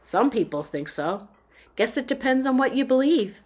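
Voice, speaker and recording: A woman's voice: high-pitched, expressive, normal speed, voice pushed up. Woman doing a guarded twenty-something guy, short clipped replies, storybook reading. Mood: terse. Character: disillusioned young man in his twenties, terse.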